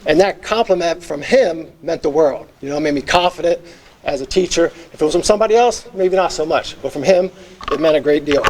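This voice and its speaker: Reminiscing with frequent fillers, a middle-aged man accepts his hall of fame induction in an earnest speech, looking back on his years as a teacher and football coach. He talks a touch fast, his pitch slightly raised and his tone on the dark side.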